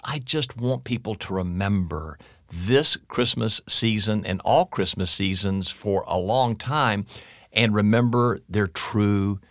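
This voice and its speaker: A man's voice: on the low side, slow, fairly bright tone, no echo. Male pastor, radio devotional, earnest preacher cadence, dry booth sound. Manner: earnest, preacherly, acts out what people say. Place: radio studio.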